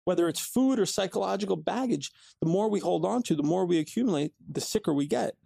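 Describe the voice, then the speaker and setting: A man's voice: high-pitched, lively intonation, fast, gravelly, warm tone, husky. A man hosting a podcast, talking earnestly and conversationally, often repeating his phrases. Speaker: podcast host. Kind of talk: reflective monologue.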